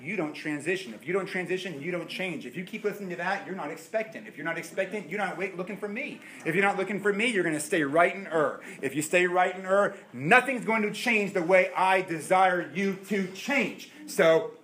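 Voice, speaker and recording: A man in his forties delivers a sermon, his voice sitting high for a man. He tells stories in an animated way, slipping into voices for the people in them. A faint hum of noise sits behind him. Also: brisk, few pauses. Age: 40s. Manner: animated storytelling, acting out voices. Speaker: pastor.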